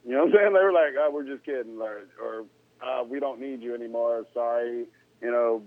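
A former pro ballplayer, a man with a medium-pitched voice talking a little fast, tells a story as an interview guest. He's laid-back and slangy but gets animated when he's incredulous. The audio has a tinny, phone-like sound.

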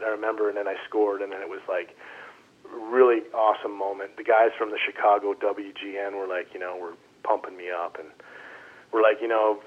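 A man, a former baseball player, telling animated stories in a casual interview and quoting teammates as he goes. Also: on the low side. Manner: animated anecdotes, quoting others in voices. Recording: phone-line audio.

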